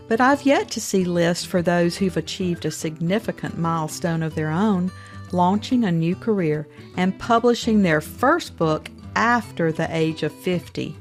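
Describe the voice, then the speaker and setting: A woman in her seventies hosting an author interview show, reading a measured scripted introduction and asking questions. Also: fairly low pitch, faint music behind. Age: 70s. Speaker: podcast host.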